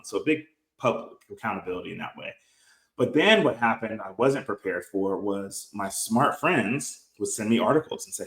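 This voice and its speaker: A man in his late thirties, a guest entrepreneur speaking earnestly and reflectively in a podcast interview, often quoting others in quick bursts. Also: lowish voice, expressive, a bit bright. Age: 30s. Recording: echoey room.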